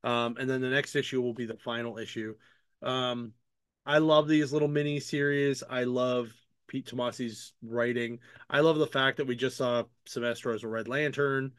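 Man rambling about comics in a smooth dry voice. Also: medium pitch, steady tone, normal speed, fairly bright tone, no room sound. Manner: rambling, many fillers and restarts; paraphrases characters' lines in his own voice. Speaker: podcast host reviewing comic books. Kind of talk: casual chat.

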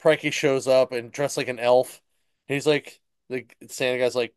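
Casual podcast host, male, smooth clear voice, close dry mic, rambling storyteller. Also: medium pitch, fairly even intonation, dry recording. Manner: rambling, retells stories with quick voiced asides. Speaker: comic book podcast host. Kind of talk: casual chat.

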